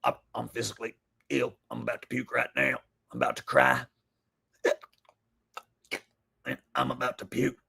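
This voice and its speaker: A man doing a raving gravelly radio ranter. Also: mid-range voice, sing-song, fast talker, exaggerated voice. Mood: whimpering. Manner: growling, shouting rants. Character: raving male conspiracy radio host.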